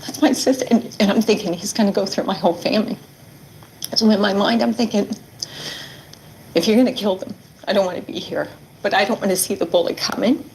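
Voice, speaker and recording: A woman's voice: medium pitch, a little fast, long pauses, a little mellow, a little hiss or hum, poor audio. A middle-aged woman giving earnest interview testimony, retelling events and quoting what was said with frequent "like" fillers. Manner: earnest, quotes herself and others, many "like" fillers. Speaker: interviewee recounting her ordeal.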